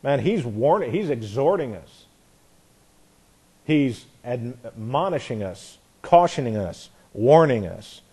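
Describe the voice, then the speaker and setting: A man with a medium-pitched, dark voice that has a breathy edge teaches a Bible class, very animated yet slow. He is earnest and emphatic, repeating phrases and often breaking off to correct himself.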